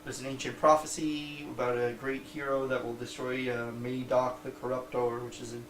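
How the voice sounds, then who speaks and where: A man's voice: mid-range voice, flat delivery, normal speed, a bit bright. A man talks through small card games in a loose, rambling podcast chat, stopping and restarting often and swearing freely. He sits some way back from the mic, so his voice comes across roomy and distant, with a faint hiss of room noise behind him. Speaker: podcast co-host. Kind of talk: casual board game review chat.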